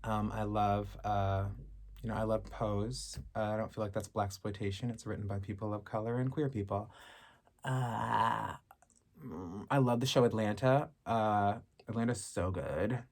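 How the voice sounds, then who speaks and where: A woman's voice: a bass voice, unhurried. Sassy outspoken woman in her thirties. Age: 30s. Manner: candid, sassy, expressive, swears freely. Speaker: vlogger answering fan questions. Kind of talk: casual chat to camera.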